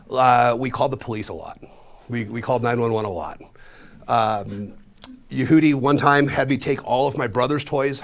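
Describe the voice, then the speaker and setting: Colorado magician guy in his 50s spinning a funny story for a room full of people, animated and self-mocking. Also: mid-range voice. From Colorado, USA. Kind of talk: comic storytelling to a live audience. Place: room with a live audience.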